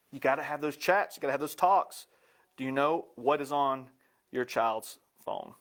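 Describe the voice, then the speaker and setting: A man's voice: mid-range voice, unhurried, a bit bright. A man giving a live presentation in an upbeat, joking way.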